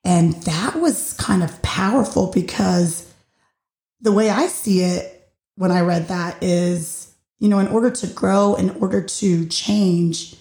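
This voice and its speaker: A woman's voice: fairly low pitch, slow pace, darkish tone, echoey room. A woman hosting her own show, musing thoughtfully and a little hesitantly in a casual monologue. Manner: thoughtful, hesitant, with many fillers and restarts. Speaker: podcast host.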